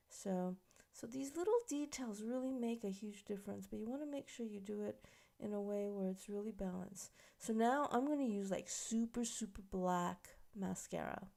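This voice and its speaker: Chatty woman teaching makeup, mellow voice. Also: medium pitch, gravelly. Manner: chatty, explains while working, many fillers. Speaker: makeup instructor. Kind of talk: casual tutorial.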